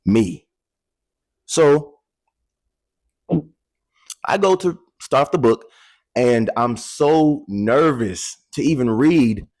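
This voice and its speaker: A man in his twenties telling a personal story to the camera in an animated, candid way, talking straight to viewers and swearing casually. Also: mid-range voice, drawn-out words, long pauses, no room sound.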